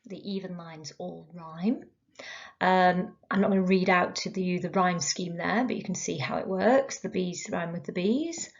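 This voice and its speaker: A woman's voice: on the low side, unhurried. A woman teaching a recorded literature lesson, explaining step by step with frequent ums and uhs. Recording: dull lo-fi recording.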